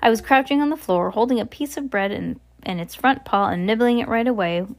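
A woman's voice: a little high, brisk. A woman reading a children's novel aloud in a plain, unpolished way, with small slips and restarts. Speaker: reader.

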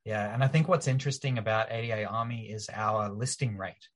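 A man's voice: on the low side, steady tone, fairly quick. A man appearing as a guest on a casual podcast, explaining his team's project in eager detail. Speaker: project team member guest. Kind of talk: casual interview chat.

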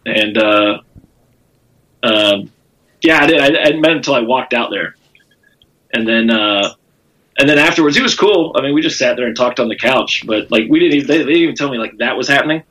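A Southern man with a bright, forward voice and a slightly husky texture tells stories as a comedian guest. His speech rambles, full of fillers and profanity, in a loose podcast conversation. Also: mid-range voice, lively intonation, brisk, poor audio. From South Carolina. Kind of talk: casual podcast chat.

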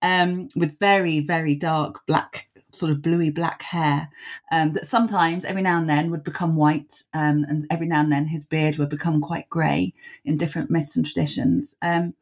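A woman's voice: sits low, steady tone, moderate pace. A woman author and scholar answering interview questions at length, thoughtful, with many ums and small laughs at herself.

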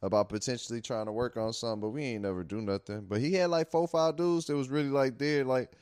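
A man's voice: medium pitch, fairly even intonation, fast, darkish tone, clean tone, no echo, studio quality. A man, a comedian who hosts an open mic, talking in a laid-back, rambling way and laughing a lot. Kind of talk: casual chat.

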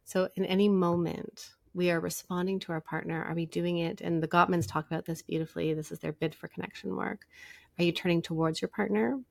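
A middle-aged woman psychologist, a podcast guest, telling stories in a warm conversational way and acting out bits of dialogue. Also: lowish voice, fairly quick, vocal fry, no echo, studio quality. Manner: animated storyteller, acts out dialogue.

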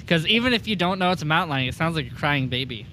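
A man co-hosting a podcast, jumping in with quick, profane remarks. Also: a little high, expressive, pushed and bright, slight background noise, poor audio. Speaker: podcast co-host. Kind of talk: casual chat.

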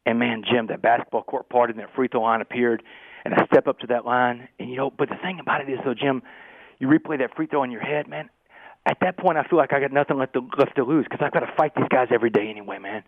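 Fast-talking man on a phone line. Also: mid-range voice, creaky, dry recording. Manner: fast, animated storyteller, keeps saying "man". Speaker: podcast guest. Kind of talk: storytelling interview.

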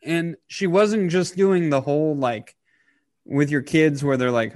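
A man in his thirties talking casually on a podcast, halting with many fillers and getting choked up. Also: mid-range voice, fairly even intonation, no echo, studio quality. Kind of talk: casual emotional podcast talk.

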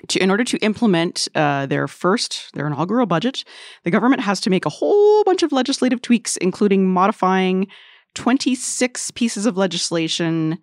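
A woman's voice: fairly low pitch, no echo, clean studio sound. Chatty woman hosting a news podcast. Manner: chatty, quick asides and laughs. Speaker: podcast host. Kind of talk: casual news podcast chat. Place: studio room with other guests.

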